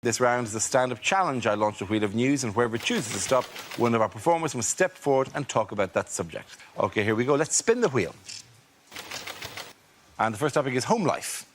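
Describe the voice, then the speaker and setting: A man hosting a panel show, introducing rounds in a brisk announcer manner. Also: mid-range voice, animated, slight background noise. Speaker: host. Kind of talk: presenting a panel game.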